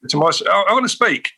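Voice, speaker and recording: A man's voice: high-pitched, pushed and bright, breathy edge. A man co-hosting a podcast in casual chat, laughing often and restarting his sentences. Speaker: podcast co-host.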